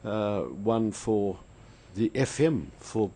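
A man's voice: lowish voice, very animated, slow pace, warm tone, slightly rough. An older man with a South African accent, hosting a radio show in a casual, rambling storytelling manner full of fillers. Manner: rambling, anecdotal, frequent fillers. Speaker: radio host. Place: radio studio.

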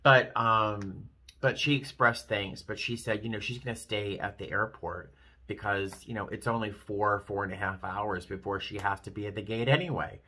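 A man's voice: lowish voice, steady tone, normal speed, pushed and bright, breathy edge. A middle-aged man talking to his camera in a casual vlog, rambling and emotional with self-deprecating asides. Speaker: flight attendant vlogger.

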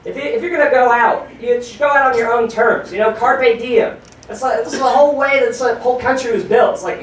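A man performing a stand-up comedy set on a club stage, animated and profane, shouting his punchlines. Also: very high-pitched, a little fast, a little hiss or hum. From United States. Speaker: stand-up comedian hosting a show. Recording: very echoey club audio, from far off.

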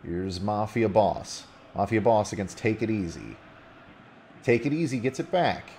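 A man casually commentating a video game football match play by play, getting loud when a goal goes in. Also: on the low side, measured pace, a little hiss or hum. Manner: casual, rising excitedly on goals.

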